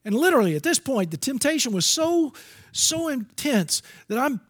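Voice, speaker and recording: A man's voice: very high voice, big pitch swings, moderate pace, fairly bright tone, husky. A middle-aged man preaching a sermon, earnest and storytelling, acting out bits of dialogue.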